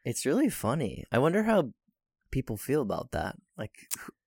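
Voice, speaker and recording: A man's voice: mid-range voice, huge pitch swings, normal speed, gravelly, a little mellow, slightly rough, no echo, studio quality. A young man co-hosting a podcast in casual chat, chatty, laughing easily and swearing casually. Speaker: podcast co-host.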